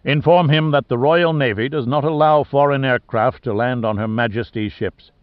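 A man doing a gruff roaring old sea captain. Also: medium pitch, moderate pace, no echo, lo-fi sound, lightly acted. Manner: roaring, growling, curt. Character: gruff bearded male naval captain, blustery.

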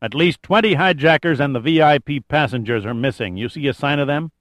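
Man voicing a calm colonel, curt flat orders, dry close sound. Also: on the high side, a little fast, no room sound, close to an everyday voice. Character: male special forces colonel, calm and curt.

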